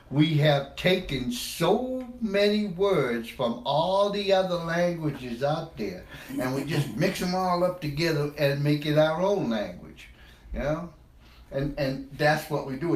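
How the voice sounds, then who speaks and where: A man's voice: mid-range voice, reverberant. A man from the United States giving a loose, rambling talk, repeating words and laughing at himself as he goes. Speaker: speaker on language. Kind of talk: informal monologue.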